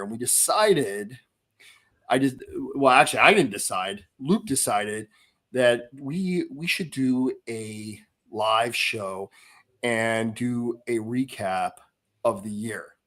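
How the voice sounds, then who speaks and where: A man's voice: mid-range voice, a bit bright. A middle-aged man hosting a casual podcast, talking in rambling stretches full of fillers and restarts. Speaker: podcast host.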